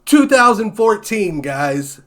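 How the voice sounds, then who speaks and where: A young man hosting a casual TV reaction video, telling a lively story and laughing often. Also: high-pitched, takes it slowly. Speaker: reaction channel host.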